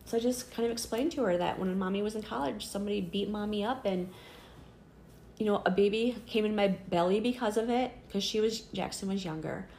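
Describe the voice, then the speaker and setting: A woman's voice: medium pitch, a little fast, warm tone, reverberant, slight background noise. A middle-aged woman telling a personal faith story in casual conversation. She is earnest and chatty, with many fillers, and acts out the voices she quotes. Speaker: interviewee.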